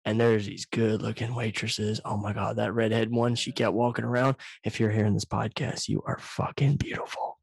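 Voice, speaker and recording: A man's voice: on the low side, little pitch movement, normal speed, gravelly, few pauses, husky, no room sound. A young man hosting a podcast over a video call, telling stories casually with plenty of swearing and laughter, sitting very close to his microphone. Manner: profane, laughing, storytelling. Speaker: podcast host. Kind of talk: casual chat. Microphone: very close to the mic, loud.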